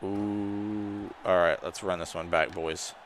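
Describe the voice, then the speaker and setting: A man giving live commentary on his own gameplay, excitable and shouting at his players during big plays. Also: deep voice, takes it slowly, slight background noise. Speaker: gaming channel host.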